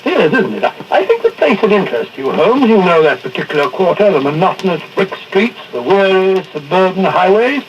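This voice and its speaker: An earnest, hearty doctor tells his story with a few flustered stumbles. His voice sits high, and the 1940s radio recording sounds dull and lo-fi with faint hiss. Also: big pitch swings, brisk, hardly any pauses. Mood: narrating.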